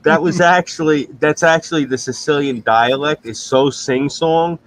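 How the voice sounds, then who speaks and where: A middle-aged man, hosting a stream with crude, animated storytelling. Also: fairly high pitch, normal speed, rough recording. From New York. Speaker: stream host. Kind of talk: casual profane chat.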